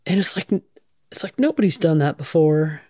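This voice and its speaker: A woman's voice: low voice, expressive, moderate pace, dark tone, dry recording, clean studio sound. A middle-aged woman firefighter telling her own story in a blunt, casual way, swearing freely and using many fillers. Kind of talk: candid conversational storytelling.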